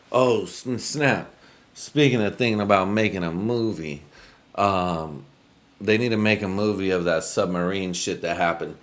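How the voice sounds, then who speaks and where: A laid-back man from the United States riffs through a rambling podcast monologue, swearing freely as he goes. His voice sits a little low and stays easygoing. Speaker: podcast host.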